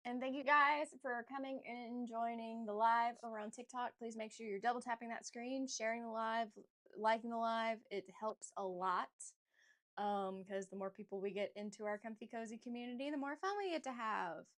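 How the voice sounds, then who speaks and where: A woman's voice: fairly high pitch, fairly even intonation, normal speed, a bit bright. A woman author chatting casually to viewers on a livestream, rambling with many fillers and restarts and often addressing them as "you guys.". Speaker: author livestreaming a writing session.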